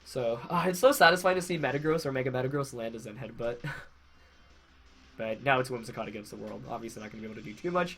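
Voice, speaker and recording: A man's voice: medium pitch, fast, fairly bright tone, faint music behind. A young man with a head cold, congested, casually commentating his own match while thinking aloud with fillers and self-corrections. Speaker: game commentator.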